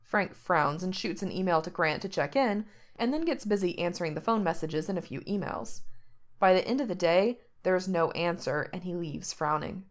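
A woman reading fiction aloud as narrator, with steady storytelling and lively rises in pitch. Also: moderate pace.

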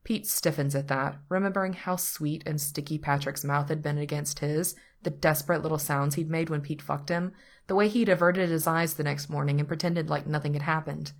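Woman narrator, low voice, reading a story, even and unhurried. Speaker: story reader. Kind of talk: reading fan fiction aloud.

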